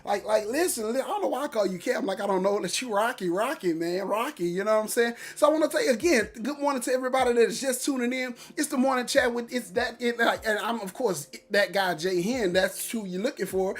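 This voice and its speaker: A man's voice: high voice, quick pace, hardly any pauses. A man hosting a casual morning livestream, hyped and upbeat, reading out viewer comments with loose, repetitive catchphrases. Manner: hyped, upbeat encouraging talk. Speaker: livestream host.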